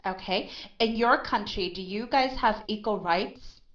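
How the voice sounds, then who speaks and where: A woman's voice: mid-range voice, a bit bright. Patient woman coaching pronunciation, lo-fi. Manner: patient, drills sounds slowly and repeats them. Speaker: pronunciation tutor. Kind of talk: one-on-one accent coaching. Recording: dull lo-fi recording.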